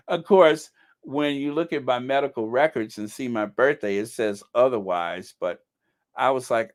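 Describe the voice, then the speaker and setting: A man's voice: mid-range voice, measured pace, pauses often. A middle-aged man hosting a casual live chat, reading viewer comments and joking at his own expense with mock-indignant outbursts. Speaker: channel host.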